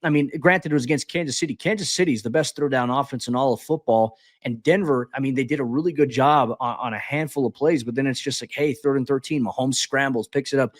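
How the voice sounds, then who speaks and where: A man on a sports podcast, talking football in a casual, animated way with frequent stammered restarts. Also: medium pitch, quick pace, few pauses, no echo, studio quality. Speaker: guest podcast host. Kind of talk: casual sports analysis chat.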